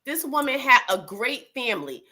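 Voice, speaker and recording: A woman's voice: sits high, sing-song, normal speed, sharp tone. A woman co-hosting a casual gossip show, talking in a blunt, profane, rambling way full of restarts. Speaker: co-host.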